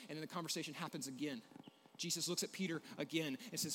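A man preaching a sermon, swinging between loud emphasis and hushed, intimate passages. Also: a little high, fairly even intonation, very fast, big-room sound, a little hiss or hum.

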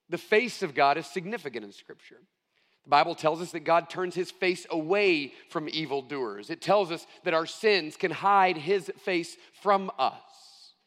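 A middle-aged male pastor preaching a sermon, earnest and emphatic, stressing key phrases slowly. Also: high-pitched, fairly bright tone, in a large hall.

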